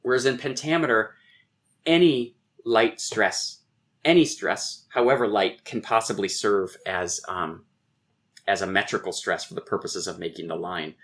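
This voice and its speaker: A fairly low, slightly slow male voice with a bit of brightness. The speaker, a poet and philosopher, lectures conversationally on poetic meter in a thoughtful, professorial manner, restarting often.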